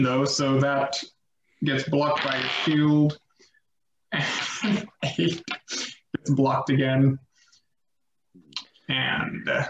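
Slow-talking game master in an echoey room. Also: male voice, medium pitch, gravelly, muffled recording, a little hiss or hum. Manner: relaxed, descriptive, light self-mockery. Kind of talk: narrating a tabletop game.

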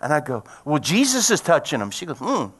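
A middle-aged man preaching a sermon, telling a personal story in a folksy way and building to loud, excited preaching. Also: on the high side, quick pace, slightly rough. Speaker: pastor.

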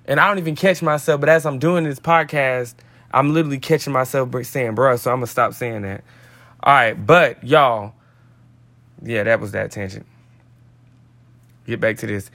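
A man's voice: mid-range voice, normal speed, long pauses, sharp tone. A man hosting a podcast, reading a daily devotional in a casual, slangy way with tangents. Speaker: podcast host.

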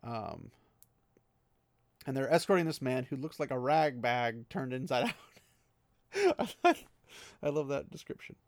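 In a clean studio recording with no echo, a man recaps a fantasy novel chapter for a podcast. His mid-range voice is animated yet measured, pausing often, and he chats casually, piling on "he's like" asides and laughing at the text.

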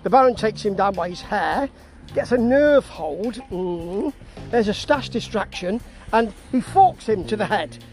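A vlogger recaps a wrestling show in an easy, conversational manner. The delivery is full of dry asides and self-corrections, at a middling pitch. Soft music plays faintly in the background. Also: lively intonation, moderate pace, low-quality recording. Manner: chatty and wry, with asides and restarts. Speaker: wrestling reviewer. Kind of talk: casual spoken review.

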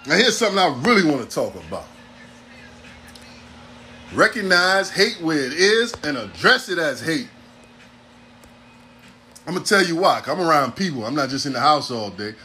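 A man's voice: a little high, very animated, moderate pace, pauses often, pushed and bright, a little hiss or hum. A man in his forties from Ohio, hosting a casual monologue in a profane, rambling way with a preacher-like cadence. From Ohio, USA. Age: 40s. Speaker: podcast host.

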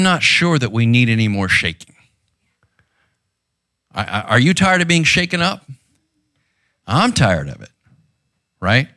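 Man, pastor, sermon, bright tone, dry close recording, intense conversational delivery. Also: mid-range voice, very animated, unhurried, pauses often, dry recording. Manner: conversational, intense, frequent "right?" asides. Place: church room, seated on a stool.

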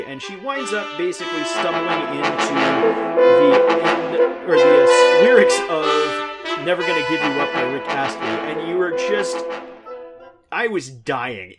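A man in his thirties hosting a podcast in a casual, rambling style, often chuckling as he talks. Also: on the high side. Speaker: podcast host. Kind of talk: casual chat.

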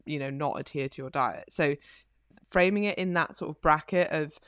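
A woman's voice: low-pitched, normal speed, dry recording. A woman co-hosting a podcast, chatting casually and rambling a little as she gives fitness advice, with plenty of "like". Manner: chatty, rambling, heavy use of "like". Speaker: podcast co-host and fitness coach.

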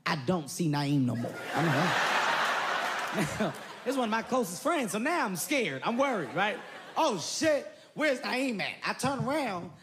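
Male stand-up comic, high voice, animated bursts, handheld mic, live audience noise. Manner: animated, loud bursts, laughing at own story. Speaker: stand-up comedian. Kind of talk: stand-up storytelling.

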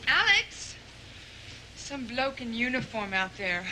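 A man putting on the voice of a wife calling out to her husband in a high falsetto. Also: big pitch swings, slow, heavy background noise, full character voice. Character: shrill Scottish wife calling from afar.

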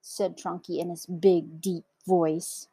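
A woman teacher reading a children's story aloud to her class, slow and expressive. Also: fairly low pitch, husky, no room sound.

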